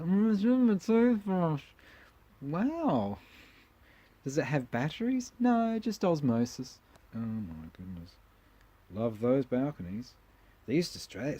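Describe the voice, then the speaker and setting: Casual host, man, wry humor, mellow husky voice. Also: medium pitch. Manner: wry, joking asides, chuckles often. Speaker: host reviewing old magazine adverts. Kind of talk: casual commentary.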